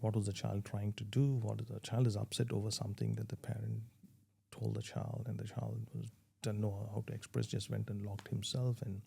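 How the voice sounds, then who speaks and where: This man's lowish, dark voice carries vocal fry and a slightly rough texture. Appearing as a guest in a conversational interview, he earnestly offers parenting advice, often starting sentences over as he thinks.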